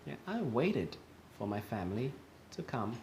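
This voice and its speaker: A man's voice: medium pitch, very animated, normal speed, darkish tone, a little hiss or hum. A man teaching English pronunciation, patiently repeating each word for learners, with frequent fillers and self-corrections. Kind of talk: online pronunciation lesson.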